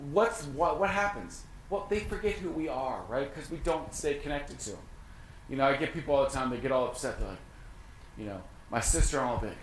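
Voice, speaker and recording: A man giving an energetic, conversational information session, often acting out short exchanges with clients. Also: mid-range voice. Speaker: real estate brokerage leader. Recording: echoey room with faint noise.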